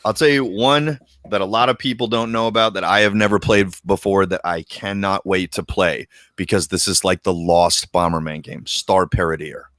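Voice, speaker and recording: A man co-hosting a podcast in casual chat, excitable and slangy, swearing casually. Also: moderate pace, few pauses, dry recording, clean studio sound. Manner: excitable, slangy, swears casually, jumps into high voices for quoted lines. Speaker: podcast co-host.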